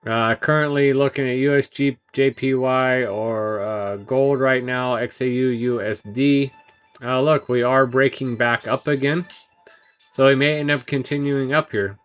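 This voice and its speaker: A man hosting a late-night trading livestream, talking through charts in a relaxed, halting way with many ums and uhs and greeting chat viewers, sounding tired. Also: mid-range voice, clear, resonant tone, soft background music. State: tired, yawning. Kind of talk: casual live-stream chart commentary.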